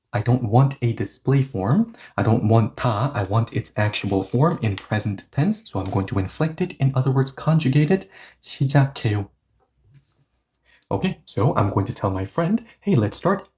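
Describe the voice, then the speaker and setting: A man whose first language is Korean, teaching a casual video lesson in English. He explains step by step, thinks aloud with many "okay, so" fillers and rhetorical questions, and says the Korean examples slowly, repeating them. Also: mid-range voice, dark tone.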